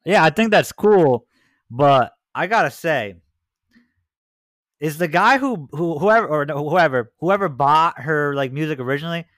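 A man's voice: fairly high pitch, lively intonation, unhurried, fairly bright tone, no room sound. A young man co-hosting a podcast, telling stories in a laid-back way and often saying "like". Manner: laid-back, storytelling, heavy use of "like". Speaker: podcast co-host. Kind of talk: casual chat. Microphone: studio mic, dry booth.

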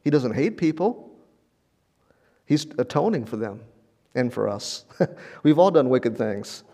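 A man's voice: medium pitch, sing-song, slow, warm tone. An older man preaching a sermon in a conversational, storytelling way, often repeating words and chuckling. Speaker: pastor.

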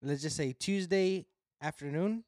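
A young man co-hosting a podcast, telling stories in casual chat and acting out loud impressions of the people he quotes. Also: fairly high pitch, unhurried, no room sound, studio quality. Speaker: podcast co-host.

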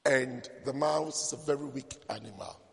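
Man preaching, storytelling, joking asides, husky gravelly voice, long hall echo. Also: medium pitch, normal speed. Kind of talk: sermon. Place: church service.

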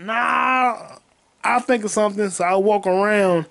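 A man hosting a podcast alone, telling crude, rambling stories and bursting into loud high yelps and sound effects. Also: fairly even intonation, fairly quick, clean tone. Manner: profane, rambling storytelling. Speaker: podcast host. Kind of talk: casual solo podcast monologue.

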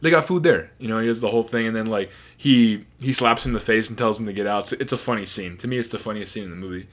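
A man's voice: on the low side, steady tone, racing. A man in a casual commentary, talking about his favorite film scenes in a rambling, chatty way with restarts. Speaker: movie reviewer.

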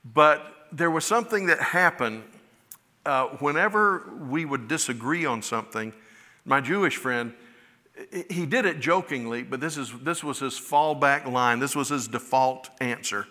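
A man's voice: medium pitch, a little slow, sharp tone. A middle-aged man from West Florida, preaching a sermon, often rising to emphatic, impassioned cries. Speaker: pastor. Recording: long hall reverb.

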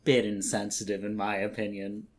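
A woman's voice: extremely low pitch, little pitch movement, normal speed, a little mellow. A woman co-hosting a podcast, chiming in with short, dry remarks during a casual movie chat. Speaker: podcast co-host.

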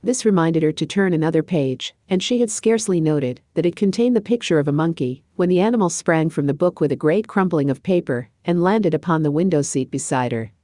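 A woman narrating a storybook in an even, measured reading. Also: low-pitched, no echo, studio quality.

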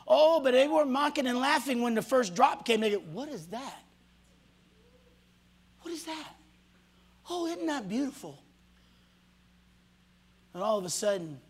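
Pastor guy preaching into a handheld mic, high husky voice, goes from shouting to almost whispering. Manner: swings from shouting to hushed, dramatic quoting of voices. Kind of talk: sermon. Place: church hall before a congregation.

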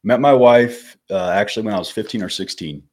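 A man in his twenties with a notably deep voice tells a story as a podcast guest. His delivery is casual and easygoing, full of swearing and slang like dude and bro. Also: brisk. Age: 20s. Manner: laid-back, swears freely, says dude and bro.

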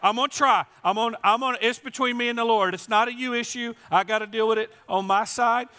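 A pastor, a man, preaching to his congregation, his voice strained into a high squeak today. He teases the crowd with playful jokes, and his tone is bright and sharp. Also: fairly even intonation, brisk, clean tone. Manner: joking, playful, teasing the audience. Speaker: teaching and campus pastor. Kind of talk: Easter sermon to a live congregation. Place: church service.

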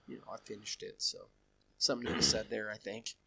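A man's voice: on the low side, level tone, fast, gravelly, sharp tone, slightly rough. Laid-back man chatting on a podcast. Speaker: podcast co-host. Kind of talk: casual chat.

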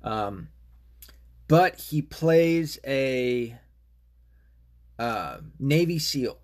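A man's voice: medium pitch, animated, very slow. A man hosting a podcast, talking in a casual, rambling and profane rant. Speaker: podcast host. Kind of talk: casual monologue.

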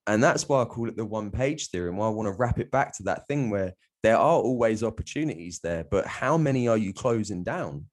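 A man's voice: fairly low pitch, animated, brisk, few pauses, darkish tone. A man, telling a candid personal story as a guest in a blunt, sweary way, often laughing.

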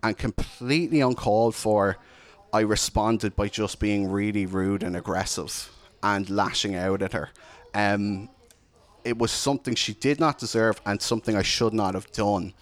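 A man's voice: on the low side, steady tone, normal speed. A man, candidly and reflectively telling a personal story of struggle to an audience. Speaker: speaker sharing a personal testimony.

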